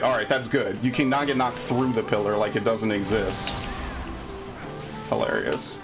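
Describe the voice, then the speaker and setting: A man's voice: on the low side, animated, moderate pace, vocal fry, long pauses, over music. A man live-streaming a video game, chatting casually and swearing often as he gets annoyed at the game. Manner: profane, easily annoyed, grumbling. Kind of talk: live gaming stream chat.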